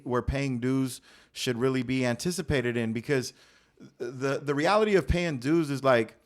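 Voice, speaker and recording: A man in a loose podcast conversation makes his case with heat and plenty of cursing. His voice sits slightly high, and he hammers his points home with conviction. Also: fairly bright tone. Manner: impassioned, profane, emphatic. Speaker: stand-up comedian and podcast co-host. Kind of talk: casual podcast debate.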